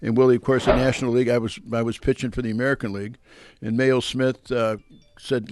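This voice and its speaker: An older man, a former pitcher, telling rambling baseball anecdotes at a live question-and-answer event, speaking into a handheld mic with fillers and restarts. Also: flat delivery, fast, a little mellow, recorded from a distance. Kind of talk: storytelling at a live Q&A.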